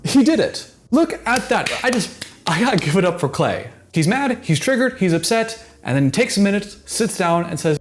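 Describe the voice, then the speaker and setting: A man's voice: high voice, sing-song. Earnest man breaking down a reality show. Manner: earnest, analytical, quick restarts. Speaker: reaction commentator. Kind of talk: casual video commentary.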